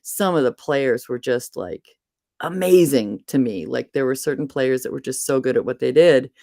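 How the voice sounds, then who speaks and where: Middle-aged New England woman, chatty host, animated storyteller, dry close sound. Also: very deep voice, creaky, no room sound. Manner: chatty, animated storyteller who laughs often. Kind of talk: casual chat.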